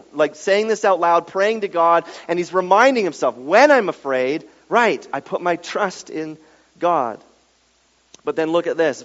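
A man preaching a sermon, telling a story with lively acted-out quotes and dropping to a hushed tone when reading scripture. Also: on the high side. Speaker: pastor. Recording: dull sound with long reverb in a large room.

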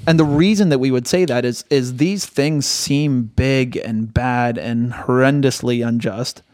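A man's voice: medium pitch, unhurried, darkish tone, no echo, clean studio sound. A young man, soon to be a father, speaking thoughtfully in casual chat and often restarting his sentences.

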